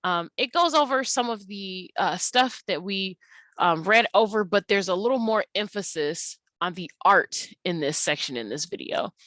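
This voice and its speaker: A young adult woman teacher talking through a recorded slide lesson at an unhurried pace, with many ums and uhs. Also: medium pitch, lively intonation, a bit bright, no echo.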